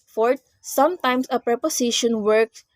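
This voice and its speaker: A woman's voice: on the high side, unhurried, dry recording. A young woman, presenting a class report on grammar in short read phrases. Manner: reads explanations in short phrases, with small restarts. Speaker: student presenter.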